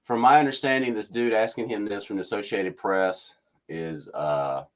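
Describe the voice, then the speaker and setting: Ranting man, low voice. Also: moderate pace. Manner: ranting, mocks officials in put-on voices. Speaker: commentary channel host. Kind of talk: casual political commentary.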